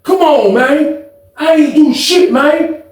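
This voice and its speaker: A man's voice: extremely high pitch, slow pace, very echoey, recorded from a distance, voice pushed up. A man voicing a big male inmate whining that he did nothing, in a retold story. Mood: protesting. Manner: whiny protesting.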